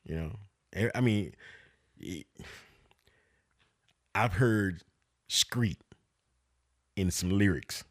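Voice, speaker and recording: A middle-aged man, a father co-hosting a podcast, talking in casual chat with drawn-out phrasing and loud laughter. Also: low voice, no echo, clean studio sound.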